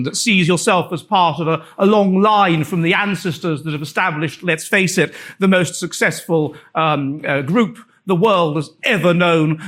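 A man from England presents his book to a live audience with a noticeably high voice. He lectures in a wry, storytelling way. He often halts and starts his sentences again. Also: fairly bright tone.

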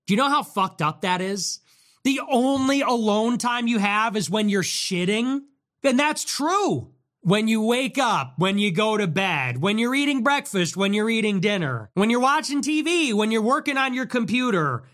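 A man's voice: sits high, big pitch swings, normal speed, fairly bright tone. A young man hosting a podcast, talking in a casual, profane and ironic ramble about his life. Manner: profane, ironic and rambling, with mock voices for quoted people. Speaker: podcast host.

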